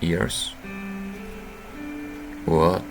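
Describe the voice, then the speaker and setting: A man playing through a visual novel, reading the narration aloud and breaking into loud, profane reactions. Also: deep voice, very slow, creaky, rough recording. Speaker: game streamer. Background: faint game music.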